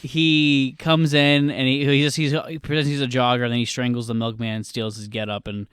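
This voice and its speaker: A man's voice: medium pitch, little pitch movement, moderate pace, a bit bright, clear, resonant tone, no echo, studio quality. A man co-hosting a podcast, talking casually and loosely through a film with frequent swearing. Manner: loose, rambling, swears freely. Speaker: podcast co-host.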